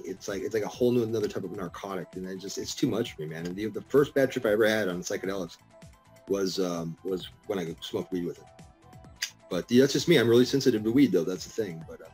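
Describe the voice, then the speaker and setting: A man's voice: fairly low pitch, fast, a little mellow, faint music behind. A middle-aged man chatting as a podcast guest, telling stories full of swearing and laughter. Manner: profane, laughing storyteller. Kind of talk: casual podcast chat.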